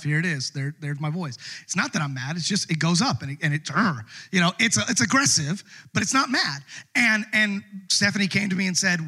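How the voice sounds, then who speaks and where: A man's voice: a little high, expressive, brisk, pushed and bright. A middle-aged man preaching a sermon to a church congregation, conversational and self-deprecating, with many restarts. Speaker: pastor. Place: church sanctuary.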